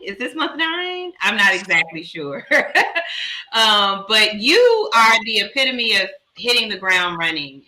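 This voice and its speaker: A woman doctor speaking as a talk-show guest, measured and earnest, with light laughs. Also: fairly low pitch, bright, forceful tone, low-quality recording. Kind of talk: warm appreciative talk-show chat.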